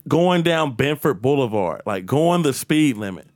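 A man telling a story in casual chat, animated and profane, loudly acting out his own outbursts. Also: mid-range voice, measured pace, no echo, studio quality.

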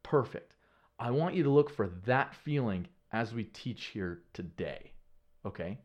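A man who is a podcast guest, telling stories in an earnest, animated way, with casual slang and frequent restarts. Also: mid-range voice, measured pace, lo-fi sound. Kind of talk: casual conversational storytelling.

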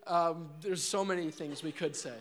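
A man's voice: a little high, steady tone, moderate pace. A man, a pastor introducing a guest preacher and praying before the congregation, jokey and upbeat, then earnest. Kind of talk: church stage introduction and prayer. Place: church service before a congregation.

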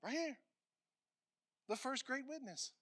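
A male pastor delivers a sermon in a high, ringing voice. He drives points home with repetition and swings from forceful declarations to quiet, hushed asides. The delivery is bright and insistent. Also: animated, a little slow. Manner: emphatic preaching, repeating phrases, swings from loud to hushed.

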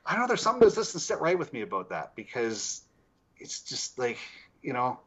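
A man's voice: medium pitch, brisk, husky, highs cut off. A middle-aged man, a paranormal investigator, telling stories in casual chat and acting out the people in them. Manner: animated anecdotes with acted quotes, laughs often. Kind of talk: casual storytelling.

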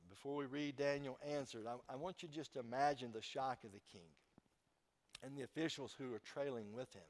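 A man's voice: medium pitch, in a large hall. A man preaching a sermon as pastor in a church, talking conversationally with emphatic bursts and questions to the congregation.

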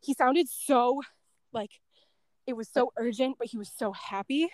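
Her voice a little high and unhurried, a woman shares a story as an interview guest who was once an end-of-life caregiver. She's casual, using lots of "like" and "um" and laughing softly between thoughts, with no echo in the recording.

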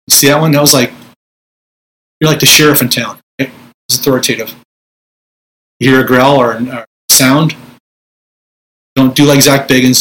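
A man's voice: medium pitch, steady tone, moderate pace, pauses often, a bit bright, a little hiss or hum, rough recording. A middle-aged man, a Pentecostal minister, teaching spiritual warfare in a conversational preaching style, acting out prayers in a commanding voice.

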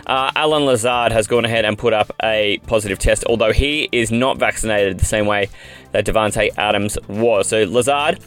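A man's voice: fairly low pitch, normal speed, a bit bright, faint music behind. A man with an Australian accent hosting a podcast, talking in a chatty, upbeat, rambling way. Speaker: podcast host. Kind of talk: casual fantasy football podcast chat.

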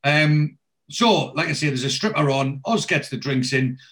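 A man's voice: fairly high pitch, moderate pace. A man from England, co-hosting a podcast in casual chat and animatedly retelling TV scenes, swearing freely. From South Shields, northeast England. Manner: animated storyteller who acts out lines, with frequent swearing. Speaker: podcast co-host. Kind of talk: casual chat recapping a TV episode.

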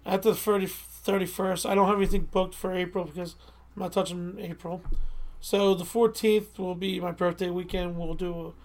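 A woman's voice: on the low side, steady tone, moderate pace, a little mellow. A woman with a Delco accent from Delaware County, Pennsylvania, co-hosting a podcast in casual chat, rambling, restarting her sentences and often apologizing. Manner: rambling, self-interrupting, apologetic. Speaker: podcast co-host.

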